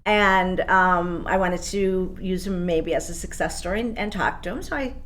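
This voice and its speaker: A woman's voice: fairly low pitch, normal speed, noisy background. A woman guest in a podcast interview, telling stories with enthusiasm and frequent "you know". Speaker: guest, program coordinator. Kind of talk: casual interview.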